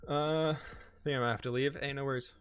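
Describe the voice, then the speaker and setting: A man's voice: mid-range voice, steady tone, fast, smooth. A man in his twenties, from Pennsylvania, hosting a livestream in a chatty way, laughing often and reading chat aloud. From Pennsylvania, USA. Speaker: livestream host. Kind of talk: casual chat while gaming.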